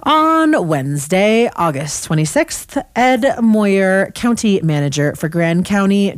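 A woman's voice: fairly low pitch, no room sound. A young woman radio DJ talking casually into a studio microphone, rambling and self-deprecating with lots of restarts. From Colorado.

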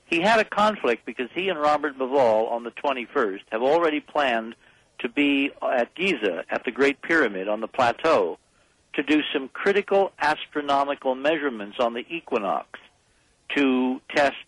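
A man's voice: mid-range voice, lively intonation, moderate pace, fairly bright tone, no echo, low-quality recording. A man speaking as a radio talk show guest, pressing his case with firm emphasis. His voice sits in an ordinary middle range, and the sound is dry with no room around it. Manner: emphatic, persuasive, rallying listeners.

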